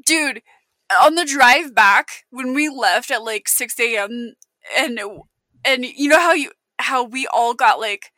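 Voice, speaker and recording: A woman's voice: high-pitched, takes it slowly, bright, forceful tone, dry recording. A woman chatting with friends, often laughing and breaking off mid-sentence. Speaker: friend in a chat. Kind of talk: casual chat.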